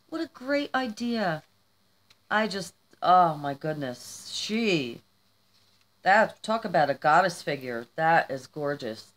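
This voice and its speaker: Slow-talking tearful woman vlogger. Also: fairly low pitch. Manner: emotional, gushing, tearful. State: crying happy tears. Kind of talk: casual vlog, opening gifts.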